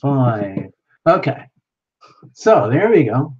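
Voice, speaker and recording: A man's voice: mid-range voice, a little slow, a little mellow. A playful man chatting with his live viewers as he paints, narrating each step with frequent exclamations. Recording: dull lo-fi sound.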